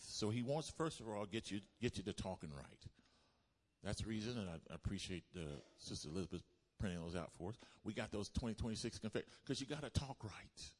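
A pastor delivers a sermon in a fairly low voice. He calls on the congregation to answer back and often swells into loud, emphatic bursts. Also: expressive, fairly quick. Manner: call-and-response preaching, rising to loud bursts.

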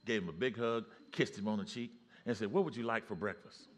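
Deep-voiced preacher telling stories. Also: male voice, brisk, slight background noise. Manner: storytelling, rising to loud exclamations. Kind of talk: sermon.

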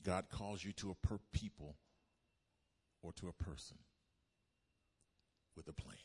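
A pastor delivers a sermon in a fairly low voice. He calls on the congregation to answer back and often swells into loud, emphatic bursts. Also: unhurried, breathy edge. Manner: call-and-response preaching, rising to loud bursts.

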